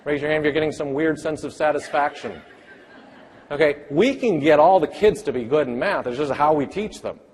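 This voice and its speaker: A man presenting a math teaching workshop, energetically firing quick questions at the audience. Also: fairly high pitch, slight background noise. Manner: energetic, rapid-fire quizzing of the audience. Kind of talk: interactive conference workshop talk. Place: large conference hall. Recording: long hall reverb.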